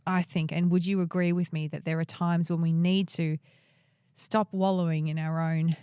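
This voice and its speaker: A woman's voice: lowish voice, flat delivery, normal speed, warm tone, smooth, no echo, studio quality. A woman co-hosting a podcast, casually retelling a Bible story and asking her co-host questions.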